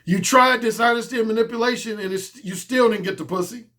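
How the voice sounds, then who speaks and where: A man's voice: very high-pitched, brisk, pushed and bright. A man speaking as a dating coach in a blunt, casual monologue, emphatic and profane, often repeating his key points.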